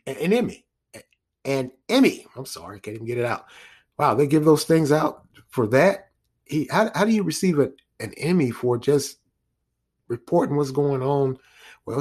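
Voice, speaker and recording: A man's voice: on the high side, breathy edge. A man talks through the news in a loose, off-the-cuff way. He restarts his sentences, drifts into asides and chuckles at his own remarks. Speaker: commentator. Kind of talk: casual news commentary monologue.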